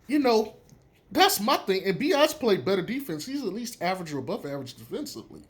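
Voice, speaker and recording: Animated, emphatic man talking basketball. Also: sits high, fast. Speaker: sports commentator. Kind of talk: casual sports opinion talk.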